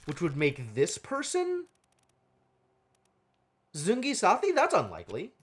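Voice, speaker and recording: Lively man muttering through a puzzle game. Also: sits high, a little slow, breathy edge. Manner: thinking aloud, muttering and counting to himself. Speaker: game streamer. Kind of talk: live gameplay commentary.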